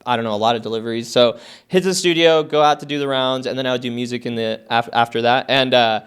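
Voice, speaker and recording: A man in his thirties telling his story as a podcast guest, animated, swearing a lot and filling his talk with "like". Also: mid-range voice, fast, smooth. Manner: many fillers like "like" and "uh". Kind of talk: casual storytelling interview.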